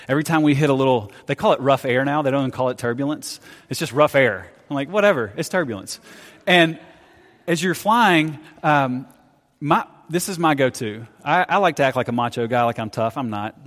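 A man preaching a sermon as pastor, telling stories with animated, self-deprecating humor. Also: medium pitch, brisk. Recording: reverberant hall.

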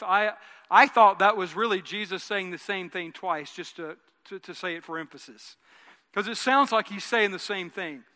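A man's voice: sits high, pushed and bright. A man preaching a sermon as pastor to his congregation. He talks in a conversational way, repeats and restarts phrases as he builds a point, and leads the people in saying lines back. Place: church sanctuary. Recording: long hall reverb.

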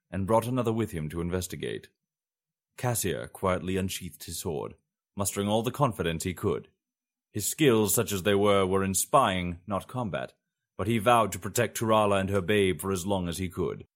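A man reading a fantasy story aloud in measured audiobook narration. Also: low-pitched.

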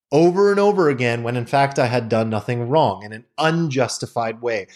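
A man hosting a podcast, talking through psychology ideas in a candid, casual monologue and swearing now and then. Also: mid-range voice. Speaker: podcast host.

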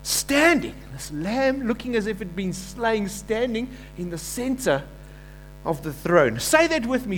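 High-voiced pastor preaching. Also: male voice, measured pace, soft background music. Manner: animated preaching, acts out quoted voices, asks congregation to repeat. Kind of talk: sermon.

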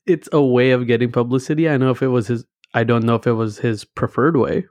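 An easygoing, wry man hosting a casual podcast chat in a middle-pitched voice. The recording is dry and close-miked, with no room echo. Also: fairly even intonation, fast, darkish tone. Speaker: podcast host.

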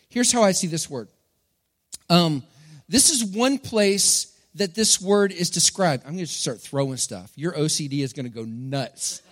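A middle-aged man from Texas, preaching a sermon to a congregation in a playful, joking manner. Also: a little high. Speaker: pastor. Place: church hall. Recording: long hall reverb.

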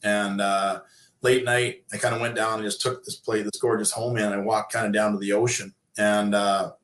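Low-voiced guy in his 50s telling old stories, lots of uh and kinda, roomy echo. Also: a bit bright. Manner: rambling, many fillers and restarts. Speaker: interview guest, former pro hockey player turned coach. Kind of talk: casual storytelling. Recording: echoey room.

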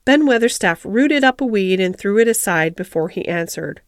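A woman narrating a classic children's novel as an audiobook, in a measured, gentle reading voice. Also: mid-range voice, lively intonation, clean tone, no echo, clean studio sound. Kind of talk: storybook narration.

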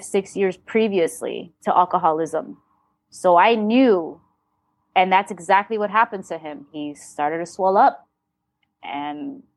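A woman's voice: on the low side, no room sound. A woman talking as an interview guest, telling a personal story candidly and bluntly, with swearing and re-enacted dialogue.

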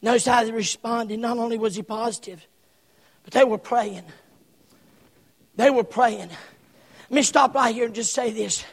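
A man preaching a sermon in a folksy manner, moving from low, slow talk to loud shouting. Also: steady tone, vocal fry. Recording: long hall reverb.

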